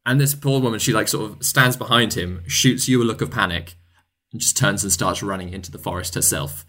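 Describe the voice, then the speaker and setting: A man's voice: on the low side, fairly quick, pushed and bright. A man running a tabletop game as game master, narrating casually with many fillers.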